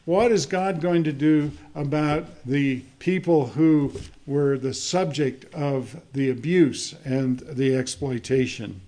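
A man preaching a sermon to a congregation, speaking in a measured way with frequent fillers and reading scripture aloud. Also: on the high side, warm tone. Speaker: pastor.

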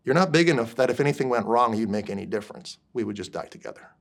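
A man's voice: mid-range voice, expressive, fast talker, vocal fry. A man voicing his young son, scared and repeating himself anxiously on a roller coaster. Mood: matter-of-fact.

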